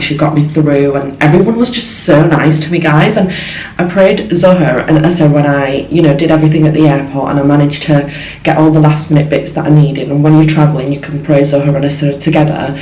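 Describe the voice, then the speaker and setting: A woman's voice: deep voice, fairly even intonation, fairly quick, warm tone, slight background noise. A young woman, chatting emotionally and effusively in a casual travel vlog from her hotel room. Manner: chatty, gushing and emotional, lots of fillers. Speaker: vlogger. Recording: echoey room with faint ambience.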